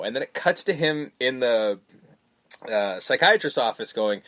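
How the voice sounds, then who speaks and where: Lively, swearing man recapping a film. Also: mid-range voice. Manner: swears often, acts out the scenes in quick voices. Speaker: podcast co-host. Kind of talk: casual chat recapping a film.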